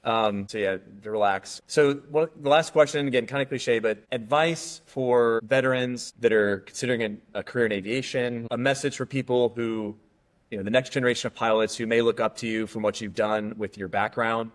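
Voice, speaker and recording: A man's voice: medium pitch, steady tone, normal speed. A man hosting a podcast, chatting casually and encouragingly, with rambling sentences full of filler words. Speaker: podcast host. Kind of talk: casual interview chat.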